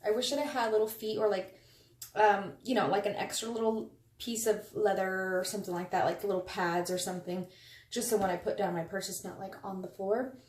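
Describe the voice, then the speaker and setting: A woman's voice: mid-range voice, steady tone, brisk, darkish tone. A woman vlogger chatting casually and gushing over items in a haul video, recorded on a camera mic at home. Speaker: beauty vlogger. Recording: echoey room, faint noise.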